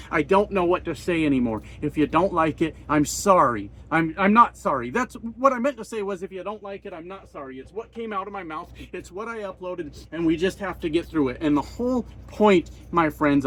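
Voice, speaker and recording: A man ranting bluntly and sarcastically in a trucker vlog, swearing a lot, recorded in his parked truck cab at a truck stop. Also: a little high. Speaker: trucker vlogger.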